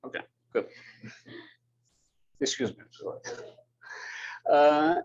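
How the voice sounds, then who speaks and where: Unhurried and pausing often, this university lecturer speaks with an Austrian German accent in a medium-pitched, slightly mellow, husky voice. He takes questions and calls the roll, hesitant and apologetic and repeating himself, on a dull lo-fi classroom recording.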